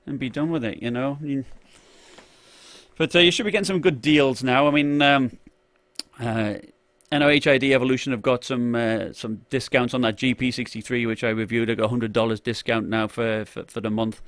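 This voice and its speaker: Hosting a relaxed live stream on tech gear, this man speaks a little fast in a mid-range, slightly bright voice with fairly steady intonation. His talk wanders, full of fillers like "uh" and "you know" and frequent restarts, and he keeps stopping to say hi to chat viewers by name. No room echo can be heard; the sound is dry.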